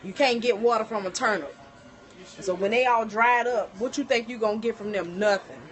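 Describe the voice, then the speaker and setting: A middle-aged woman chats casually on a livestream from her kitchen. She tells stories with energy and keeps turning to her viewers as y'all. Her voice sits fairly high. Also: moderate pace. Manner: animated storytelling, addresses viewers as y'all. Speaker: livestream host. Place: home kitchen.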